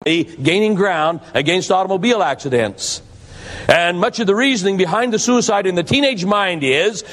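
A man's voice: lively intonation, moderate pace, a bit bright. A man preaching a sermon, telling a story in a dramatic, emphatic way. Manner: dramatic, emphatic, shifts pitch for effect. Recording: long hall reverb.

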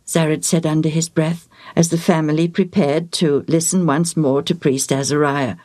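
A woman reading aloud a children's story as its storyteller, with warm, clear delivery. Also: low voice, steady tone, moderate pace, no echo, studio quality. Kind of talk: scripted narration of a children's story.

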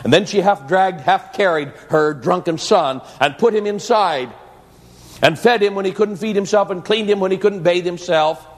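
A male preacher with a high voice tells a story with earnest drama and carries it into prayer. His voice rings out in a church with a long, echoing reverb. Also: normal speed. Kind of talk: storytelling sermon. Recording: echoey church hall.

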